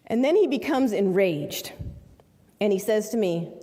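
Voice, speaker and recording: A woman's voice: mid-range voice, animated, a little slow, warm tone. A woman activist and author telling a personal story to an audience, acting out the voices of the people in it. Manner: vivid storyteller, acts out quoted voices. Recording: long hall reverb.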